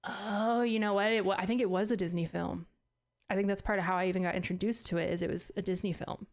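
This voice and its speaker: A woman with a medium-pitched, steady voice talks fast while streaming, chatting casually in a playful, self-mocking way. She laughs a lot and curses now and then when she trips over her words.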